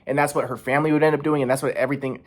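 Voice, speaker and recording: A man's voice: medium pitch, fairly even intonation, very fast. Aggrieved man rambling and swearing. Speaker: vlogger. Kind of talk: casual personal monologue.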